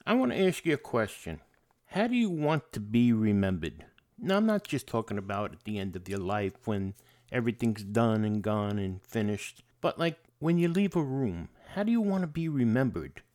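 A male podcast host talks straight to his listeners. His pitch rises and falls widely as he stacks up rhetorical questions. He drops in jokey asides as he goes. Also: very animated, moderate pace, a little mellow. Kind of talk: monologue podcast.

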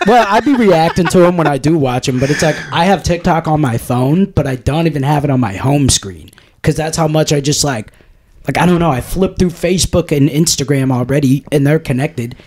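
A man's voice: a little high, expressive, fairly quick, a little mellow. A man co-hosting a podcast, rambling in casual chat, blunt and profane. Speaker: podcast co-host.

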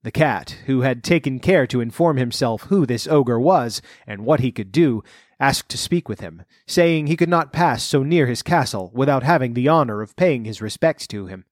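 A man reading a fairy tale aloud in measured narration, then adding wry comments of his own. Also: medium pitch, animated, no echo, clean studio sound. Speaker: storyteller.

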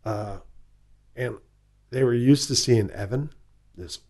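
A man with a Chicago accent tells his stories as an interview guest. His voice is gravelly and sits at mid pitch, and he rambles and restarts often. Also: takes it slowly, darkish tone. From southwest side of Chicago. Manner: rambling, with many fillers and restarts. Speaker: guest, whisky ambassador. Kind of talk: casual interview storytelling.

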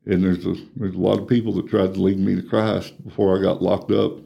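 In an interview, a middle-aged ministry coordinator from Texas, USA, shares his story with a drawl, plain-spoken and earnest. His low, dark voice has a gravelly fry and falls to a hush at painful moments, with flat, slightly fast delivery and lo-fi sound.

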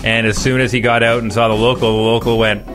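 A man in his forties hosts a morning radio show and spins a story in a loose, chatty way. He slips into the voices of the people he quotes. A faint music bed plays under his mid-pitched voice. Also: flat delivery, fast talker. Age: 40s. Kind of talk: casual storytelling on air.

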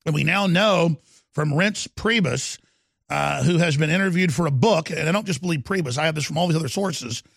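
A man hosting a talk radio show, his gravelly voice sitting fairly high for a man. He rants with heat, drops low, then bursts out loud again. The studio sound is dry and close. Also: a little fast, no room sound. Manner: emphatic ranting delivery, shifting between low growls and sudden loud outbursts. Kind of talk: fiery political talk radio monologue.

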